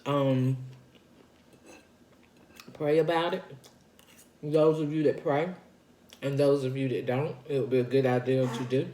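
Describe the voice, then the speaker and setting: Slow-talking woman chatting in an echoey room. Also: extremely low pitch, steady tone, dark tone, slight background noise. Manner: chatty and folksy, circles back and repeats points; talks between bites of food. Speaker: vlogger sharing her weight-loss journey. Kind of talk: casual chat while eating on camera.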